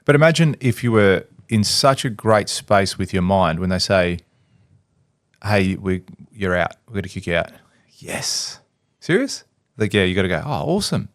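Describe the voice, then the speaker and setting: A man's voice: on the low side, lively intonation, normal speed, no room sound, clean studio sound. A man, co-hosting a podcast in casual chat, a blunt storyteller who swears and acts out what people said. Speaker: podcast co-host.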